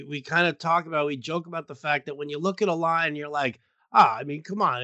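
A man's voice: a little high, pushed and bright, no echo. A man hosting a casual sports betting talk show, talking loosely with frequent restarts. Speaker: sports betting podcast host.

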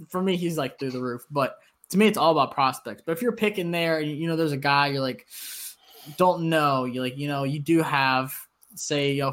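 A man's voice: on the high side, a bit bright. Upbeat man hosting a podcast. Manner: enthusiastic, laughs often. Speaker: podcast host. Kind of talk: casual sports chat.

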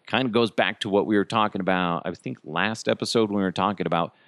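A man's voice: fairly low pitch, no echo, clean studio sound. A middle-aged man hosting a solo podcast, talking in a casual, rambling way and often restarting his sentences. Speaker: podcast host.

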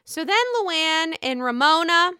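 A woman's voice: extremely high pitch, unhurried, sharp tone, no echo, studio quality. A woman hosting a casual, gossipy recap of reality TV episodes, talking straight to her viewers and swearing freely. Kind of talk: casual chat.

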